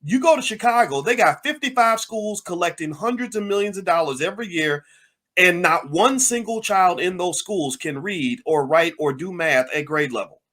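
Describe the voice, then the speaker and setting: A man's voice: sits high, fairly bright tone. A man giving impassioned political commentary, firing off angry rhetorical questions.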